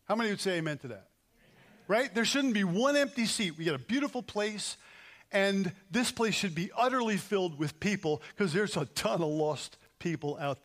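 Earnest New pastor praying. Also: male voice, high-pitched, fairly bright tone. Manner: earnest, builds to emphatic peaks. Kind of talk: sermon prayer. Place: church sanctuary.

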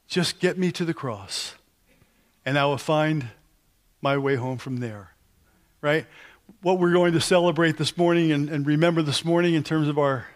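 Male pastor preaching, slightly high voice, chatty storyteller who restarts his sentences. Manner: conversational, storytelling with frequent restarts; sings hymn lines slowly. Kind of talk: sermon.

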